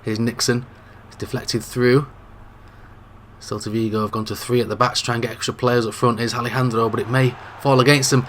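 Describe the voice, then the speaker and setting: A man with a dry, slightly coughy throat giving play-by-play commentary on a football video game. His call is mostly low-key and jumps into excited shouts at goal chances. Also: brisk, slight background noise. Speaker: gaming channel host.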